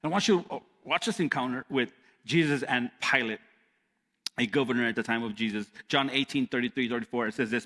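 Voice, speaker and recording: A man preaching a sermon as pastor, animated and repeating lines for emphasis. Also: mid-range voice, brisk, big-room sound. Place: church hall.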